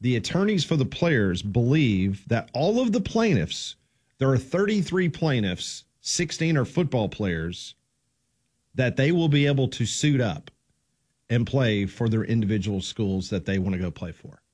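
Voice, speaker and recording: Give me a man hosting sports talk, emphatic and steady in pitch. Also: a little slow, slightly rough. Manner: emphatic, leads the discussion. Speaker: sports talk show host.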